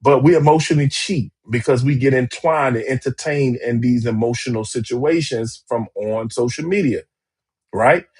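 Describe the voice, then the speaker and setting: Male relationship host, husky voice, emphatic and repetitive, talks straight to a live audience. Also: mid-range voice, darkish tone. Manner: emphatic and repetitive, calling out to viewers. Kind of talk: live-streamed talk show.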